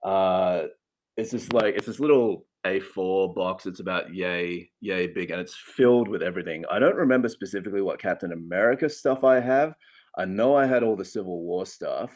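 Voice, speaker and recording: A man in his thirties from Australia, an actor chatting casually in an interview from home, animated, laughing often and restarting sentences. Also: deep voice, moderate pace. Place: home with a loft.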